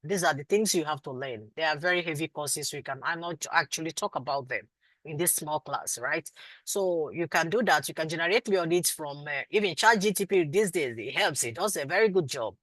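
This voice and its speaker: Low-voiced Nigerian woman teaching online. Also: a little fast, a bit bright, no room sound, low-quality recording. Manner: affectionate, calls students sweetie and my love; firm, insistent teacher. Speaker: instructor. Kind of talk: live online class Q&A.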